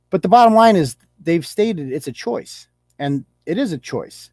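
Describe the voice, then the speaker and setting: A man's voice: high-pitched, expressive, moderate pace, darkish tone, no echo. A man rants as a podcast host, swinging his voice up and down as he mocks what he reads. His talk is blunt, sarcastic and full of swearing, and the sound is dry and close to the mic. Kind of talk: ranting commentary on social media posts.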